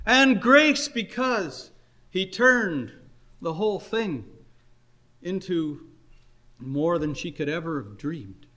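An older man preaching a sermon, telling a story earnestly and swinging between soft and loud delivery. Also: high-pitched, lively intonation, takes it slowly, pauses often.

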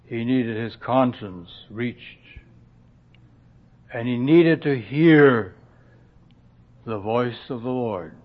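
A man preaching a sermon in a slow, earnest way, often dropping to a soft hush and clearing his throat. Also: mid-range voice. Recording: dull lo-fi recording.

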